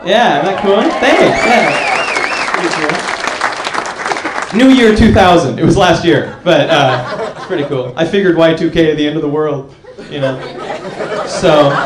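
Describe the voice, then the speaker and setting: Young man, stand-up comic, high lively voice, live club crowd. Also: a little slow, long pauses, very noisy. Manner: animated, jokey, acts out characters in funny voices. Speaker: stand-up comedian. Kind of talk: stand-up comedy set. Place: comedy club stage before a live audience. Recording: roomy live club with audience.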